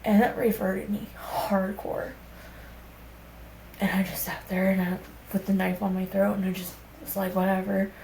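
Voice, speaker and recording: A woman's voice: mid-range voice, level tone, a little slow, gravelly, a little mellow. A young woman speaking candidly and rawly, telling a personal story in conversation and swearing casually. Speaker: podcast guest. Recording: echoey room with faint background hum.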